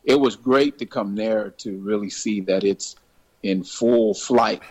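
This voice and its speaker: A man's voice: fairly low pitch, slow, darkish tone, low-quality recording. A man appearing as a musician guest in a radio interview, talking in an easygoing, friendly way. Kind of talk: interview conversation.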